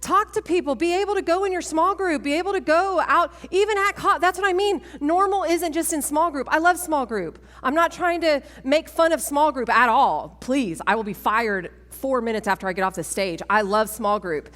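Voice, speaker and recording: A woman gives a church testimony, animated and quick to laugh at herself. Her voice sits fairly high. It carries a long reverb from a large church hall. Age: 40s. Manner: animated, self-mocking, laughing often. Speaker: speaker at a women's church event. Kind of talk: sermon-style testimony talk.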